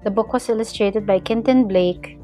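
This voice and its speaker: A woman teacher reading a children's story aloud, in slow, clear storytelling with lively character voices. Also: mid-range voice, soft background music. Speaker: English teacher.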